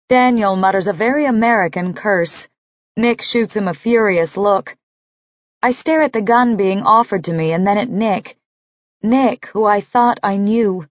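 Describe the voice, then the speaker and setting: A woman narrating an audiobook in the first person, reading in a slow, measured, intimate way. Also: medium pitch, dry recording, muffled recording.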